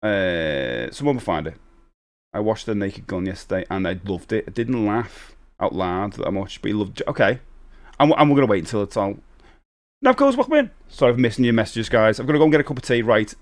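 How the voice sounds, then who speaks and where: A man's voice: fairly low pitch, brisk. A middle-aged man hosting a live stream, chatting casually and rambling as he reads out and answers viewer messages. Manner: chatty and rambling, reading out chat and greeting viewers.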